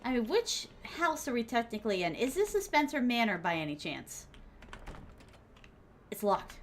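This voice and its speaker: A young woman streaming a horror game, giving excitable live commentary and talking to herself and her chat as she plays. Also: a little high, normal speed, slight background noise. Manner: excitable, talks to herself and chat while playing.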